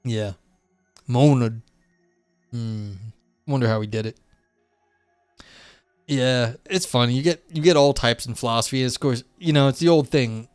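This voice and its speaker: A man's voice: mid-range voice, normal speed, long pauses, clear, resonant tone, no room sound, studio quality, faint music behind. A man reading a philosophy text aloud on a live stream and commenting in a rambling way, full of "you know" and "like". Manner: rambling, filler-heavy, frequent "you know" and "like".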